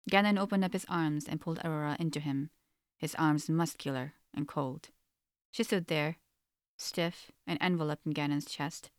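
A woman narrating a story in an audiobook, with a steady, measured reading. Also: low-pitched, no echo, studio quality.

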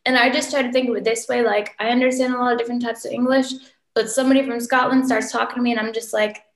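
Woman, casual talker who acts out quotes; high-ish, reverberant room. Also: fast. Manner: animated storyteller, acts out quotes. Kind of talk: casual chat. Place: Munich. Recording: echoey room.

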